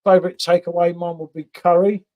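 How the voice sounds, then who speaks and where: A man's voice: sits high, little pitch movement, a little fast, muffled recording. A man hosting a casual beer review livestream, chatting with viewers by name and tagging questions onto his sentences. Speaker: beer review channel host.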